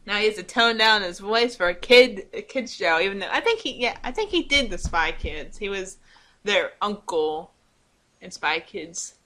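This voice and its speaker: Bright, giggly young woman. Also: medium pitch, animated. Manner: giggly, quick, self-correcting. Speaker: podcast co-host. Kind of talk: casual fan chat.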